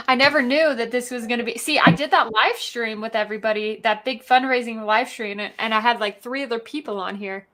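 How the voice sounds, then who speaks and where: Bubbly woman host, high bright voice, jokey, reads chat comments aloud over a laptop mic. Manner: bubbly, joking, quick to laugh. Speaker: show host. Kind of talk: casual live-stream interview, reading viewer comments.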